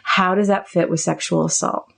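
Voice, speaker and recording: A woman's voice: normal speed, gravelly. A middle-aged woman therapist hosting a podcast, explaining ideas casually and acting out little example dialogues. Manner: animated, acts out example dialogues with raised pitch.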